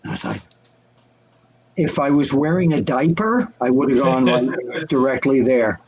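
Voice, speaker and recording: An older man telling wrestling-magazine stories on a video call, lively and acting out the voices of people he quotes. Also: mid-range voice, measured pace, muffled recording, a little hiss or hum. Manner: animated, acts out quoted voices. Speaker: guest answering fan questions. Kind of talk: casual storytelling chat.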